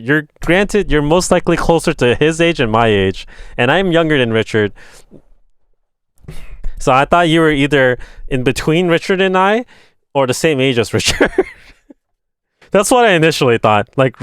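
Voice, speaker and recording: A man's voice: clean tone, no echo, clean studio sound. A man in his twenties chatting casually with viewers while building a model kit, telling stories and mimicking his friends. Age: 20s. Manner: animated storytelling, imitating friends in a higher voice, swearing. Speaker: streamer.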